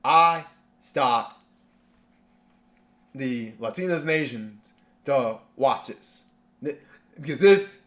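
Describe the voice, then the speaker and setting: A man's voice: medium pitch, animated, slow, long pauses, fairly bright tone. Rambling sarcastic male commentator. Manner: rambling, sarcastic, many restarts. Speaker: commentary channel host. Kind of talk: casual reaction rant.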